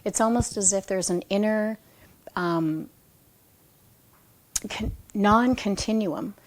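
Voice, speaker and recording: A woman with a medium-pitched voice reads slowly from her own book, breaking off into spontaneous, conversational personal anecdotes. She corrects herself as she goes and restarts phrases.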